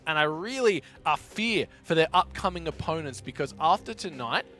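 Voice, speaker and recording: A man casting a live esports tank match with energetic, playful play-by-play. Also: fairly high pitch, moderate pace. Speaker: esports caster.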